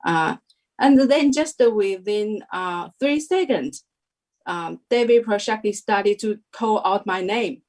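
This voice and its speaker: A woman's voice: medium pitch, expressive, takes it slowly, darkish tone, low-quality recording. A woman in her thirties telling her story as an interview guest, hesitant and full of fillers, with non-native phrasing. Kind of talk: personal testimony in an interview.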